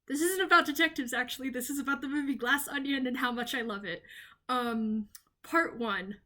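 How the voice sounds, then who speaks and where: A woman's voice: sits high, a little fast, bright, forceful tone. A young woman from the Southern US, talking off the cuff in a rambling, enthusiastic video essay full of ums and restarts. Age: young adult. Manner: enthusiastic, gushing. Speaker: video creator.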